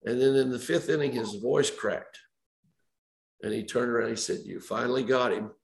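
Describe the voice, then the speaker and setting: A man's voice: medium pitch, moderate pace, vocal fry, a little mellow, echoey room. An older man, a former baseball umpire, telling anecdotes in an interview and chuckling at his own stories. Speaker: retired baseball umpire, guest. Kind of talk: storytelling interview.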